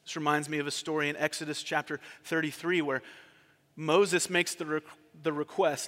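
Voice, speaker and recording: A man's voice: fairly high pitch, fairly even intonation, normal speed, bright, forceful tone, in a large hall. A man preaching a sermon as pastor, talking in a conversational way and asking his congregation questions.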